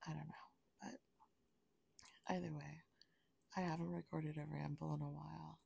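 A young woman who has just woken up, talking softly in a half-whisper in bed, rambling with lots of fillers. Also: low-pitched, level tone, moderate pace, vocal fry, husky, dry recording. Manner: soft half-whispered talk with many fillers. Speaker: solo audio rambler. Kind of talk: casual rambling monologue.

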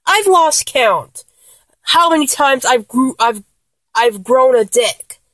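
A young woman in a one-sided audio role-play, talking to an unseen partner. She is breathless and giddy, and she swings from low murmurs to high squeals. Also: lively intonation, slow pace, fairly bright tone, no echo.

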